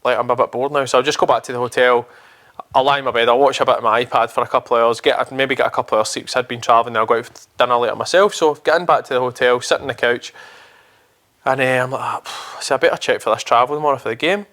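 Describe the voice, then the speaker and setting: A young Scottish man with a Scottish accent tells a rambling anecdote at a rapid clip. His pitch sits in the middle range, and the swearing comes out easy and offhand as he talks. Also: steady tone, fairly bright tone. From Scotland. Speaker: podcast co-host. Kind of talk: casual storytelling chat.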